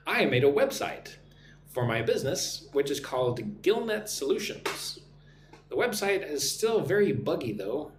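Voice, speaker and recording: A man's voice: on the high side, sing-song, measured pace. A man from the United States hosting a live online English lesson, greeting viewers by name and drilling phrases for them to repeat. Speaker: English teacher and live stream host. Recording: echoey room, faint hum.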